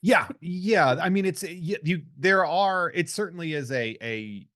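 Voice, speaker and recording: A man's voice: on the high side, animated, a little slow, a bit bright, dry recording, studio quality. A man hosting a podcast, chatting and joking with his guest in a loose conversational way. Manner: joking, conversational, lots of fillers. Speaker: podcast host. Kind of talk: casual podcast interview.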